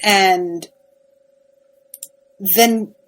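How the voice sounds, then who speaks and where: Slow-talking woman recapping an episode. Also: mid-range voice, fairly even intonation, poor audio. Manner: emphatic, sympathetic retelling with many fillers. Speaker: podcast co-host. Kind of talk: casual chat recapping a TV episode.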